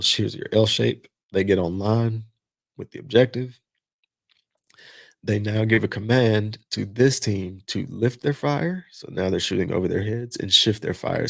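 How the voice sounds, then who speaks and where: A man's voice: lowish voice, gravelly, breathy edge, no room sound. A middle-aged man hosting a podcast, telling a long military story in a casual, profane way and acting out the voices of the people in it. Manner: profane, animated retelling with quoted voices. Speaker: podcast host.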